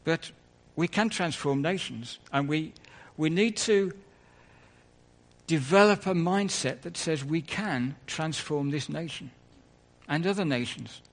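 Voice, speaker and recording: A man's voice: fairly high pitch, slow. A man preaching a conversational sermon in church, full of asides and self-corrections.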